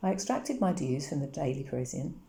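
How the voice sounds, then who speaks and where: A woman reading as a tired, dignified father in a storybook, polite yet proud and firm. The voice is low with a gravelly texture. It sounds roomy and echoey. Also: big pitch swings, dark tone. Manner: measured and firm. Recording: roomy echo.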